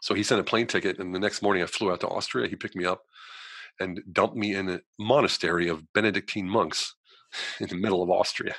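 Fast-talking deep-voiced man telling his story. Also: vocal fry, no echo. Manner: animated, acts out quoted voices, frequent "you know" fillers. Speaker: guest. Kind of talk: personal storytelling in conversation.

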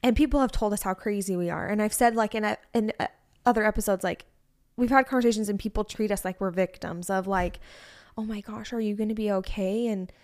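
A woman's voice: medium pitch, fast, darkish tone. A young adult woman co-hosting a podcast, telling a story in an emotional, rambling way with lots of fillers. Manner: emotional, rambling, heavy use of "like". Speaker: podcast co-host. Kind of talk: casual chat.

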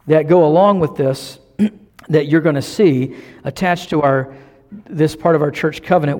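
Southern preacher in an echoing hall. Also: male voice, on the high side, a little mellow. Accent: Southern American. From American South. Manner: earnest, teaching, slows to stress key phrases. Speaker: pastor. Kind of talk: sermon.

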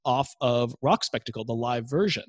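A man from Canada with a mid-pitched voice, recorded dry and close with no room sound. He talks in a relaxed chat, explaining things in fan-like detail. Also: normal speed, no room sound. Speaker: podcast co-host. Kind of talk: casual chat.

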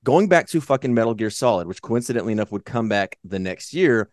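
A man co-hosting a podcast, chatting casually and profanely about movies in a rambling, animated way. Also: lowish voice, fast talker, dry recording, studio quality. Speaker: podcast co-host.

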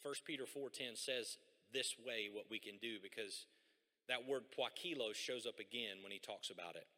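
A man preaching a sermon as a pastor, animated and conversational, with folksy asides. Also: lowish voice, normal speed. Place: church sanctuary. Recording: long hall reverb.

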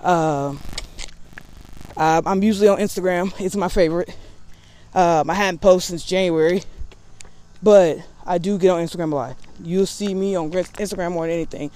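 A woman's voice: on the low side, moderate pace, long pauses, warm tone. A woman vlogger in casual talk to camera, candid and rambling with a sassy edge.

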